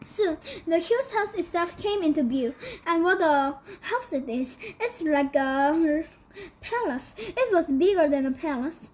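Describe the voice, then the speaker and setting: A woman whose first language is Korean, reading a children's book aloud in English, halting with slips and self-corrections. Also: extremely high pitch, lively intonation, darkish tone, rough recording. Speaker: storybook reader.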